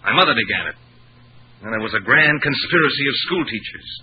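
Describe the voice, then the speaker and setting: An actor playing a bitter sarcastic pianist. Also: male voice, medium pitch, lively intonation, fairly quick, close to an everyday voice. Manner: sarcastic, mocking. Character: bitter young male pianist, sardonic and rebellious. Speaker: Peter, a pianist. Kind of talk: 1940s radio drama acting. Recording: dull old radio recording with faint hiss.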